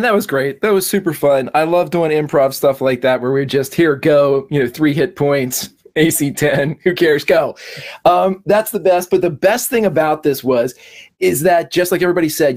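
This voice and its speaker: A man's voice: fairly high pitch, normal speed, a little mellow. A man player talking enthusiastically and fluently over a video call about improv gaming. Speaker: tabletop player. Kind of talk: casual chat.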